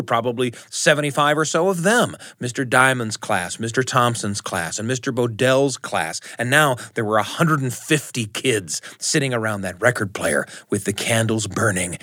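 A man hosting a podcast, telling a personal story in an expressive, playful way. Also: medium pitch, dry recording, clean studio sound.

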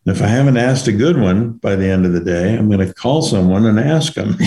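An older man co-hosting a casual devotional chat, speaking in a reflective, measured, encouraging way. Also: lowish voice, lively intonation, dark tone. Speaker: co-host.

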